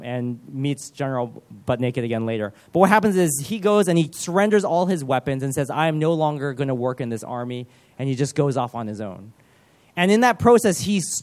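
Earnest man preaching, slightly high voice. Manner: earnest, lively retelling with frequent fillers. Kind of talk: sermon storytelling.

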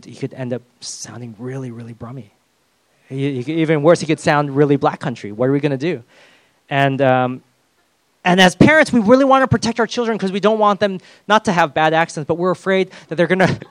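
A man's voice: a little high, moderate pace, dry recording. A man preaching a sermon as a pastor, conversational with self-deprecating humor.

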